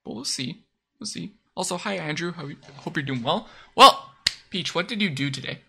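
A woman's voice: lowish voice, moderate pace, gravelly, breathy edge. A woman hosting a stream, chatting casually and a bit hesitantly with many fillers. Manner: relaxed, hesitant, lots of fillers. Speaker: streamer host. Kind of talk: casual chat.

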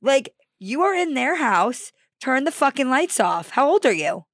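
A woman's voice: high-pitched, big pitch swings, a little slow, no room sound, clean studio sound. A young woman co-hosting a casual podcast, talking bluntly and teasing the others. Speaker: podcast co-host. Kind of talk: casual chat.

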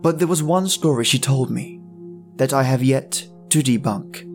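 A man hosting a podcast, narrating horror stories in a measured, dramatic reading. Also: medium pitch. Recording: soft music bed.

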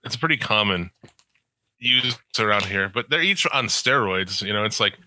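Young midwest dude, super bright, dry close sound, swears a lot, laughs a lot. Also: male voice, on the low side, lively intonation, normal speed, no room sound, low-quality recording. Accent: Upper Midwest American. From Upper Midwest United States. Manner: profane, laughing often. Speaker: podcast host. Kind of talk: casual chat.

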